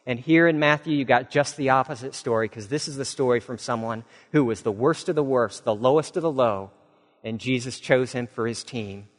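A man preaching a sermon, telling a story with lively acted-out voices, dropping low and quiet for solemn points. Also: fairly quick. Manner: animated storyteller, acts out quoted voices, drops low and soft for solemn points. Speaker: pastor. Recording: long hall reverb.

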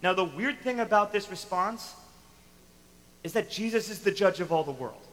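A man preaching a sermon to a congregation, animated and emphatic, acting out the lines he quotes. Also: high voice, normal speed, long reverb tail, rough recording. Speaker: pastor.

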